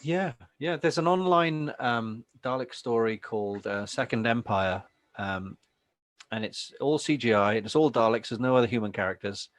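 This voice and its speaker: A man's voice: mid-range voice, moderate pace. Man, guest, chatty, casual talk, does impressions, video call. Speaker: guest, writer and voice performer. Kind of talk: casual conversation.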